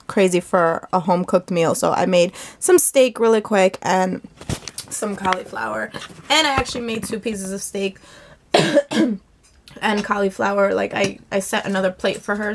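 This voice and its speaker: A woman's voice: medium pitch, a little hiss or hum. A woman talking casually to her phone camera in a daily vlog, rambling with lots of fillers and laughs as she moves from home to a shop to her car. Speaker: vlogger. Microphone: phone camera held by hand.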